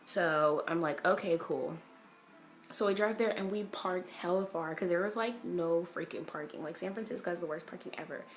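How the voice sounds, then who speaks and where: A young woman from California telling an excited, chatty storytime vlog, swearing freely and saying "like" a lot. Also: lowish voice, fairly quick, hardly any pauses. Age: young adult. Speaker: vlogger.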